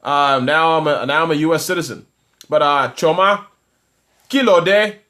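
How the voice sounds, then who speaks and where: A man's voice: fairly high pitch, moderate pace, sharp tone. A man from Toronto, a business coach doing a live stream, talking energetically and reading out viewer comments, with many restarts. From Toronto, Canada.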